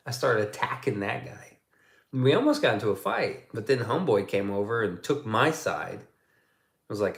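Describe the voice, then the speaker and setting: A man's voice: fairly low pitch, sing-song, normal speed, vocal fry. Profane rambling man in a roomy echo. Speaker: streamer. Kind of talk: casual livestream chat.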